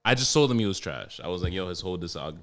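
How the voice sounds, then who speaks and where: Deep-voiced, profane young man hosting. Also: rapid-fire. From New York. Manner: profane, animated storytelling. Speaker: podcast host. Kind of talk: casual podcast chat.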